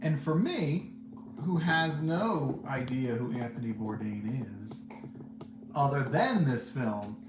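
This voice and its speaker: A man hosting a podcast, giving casual, candid movie reviews in a rambling way and laughing often. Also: mid-range voice. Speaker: podcast host reviewing films. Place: seated indoors. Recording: roomy echo, faint background hum.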